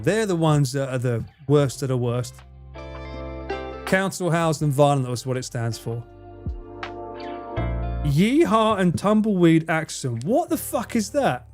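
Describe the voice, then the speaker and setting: A man's voice: on the high side, a little mellow. A man chatting casually on a live stream, laughing often and swearing freely as he reads chat.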